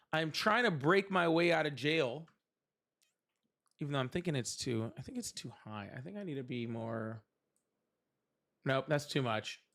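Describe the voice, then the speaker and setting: A man's voice: a little high, a bit bright. A young man hosting a casual livestream, chatting with viewers, thanking them and laughing often. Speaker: livestream host.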